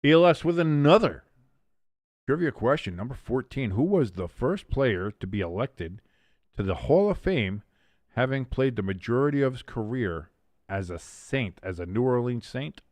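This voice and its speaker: A man hosting a live watch-along stream, calling the plays casually and jumping sharply in pitch and volume on big moments. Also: very animated, moderate pace, darkish tone, dry recording. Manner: mumbles and scats to himself while thinking. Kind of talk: casual live play-by-play commentary.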